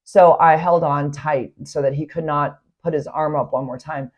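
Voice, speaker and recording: A woman's voice: deep voice, steady tone, normal speed. A woman hosting a podcast, telling a story from her school work in a chatty way, full of "like" fillers. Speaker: podcast host; school staff member. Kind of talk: casual storytelling.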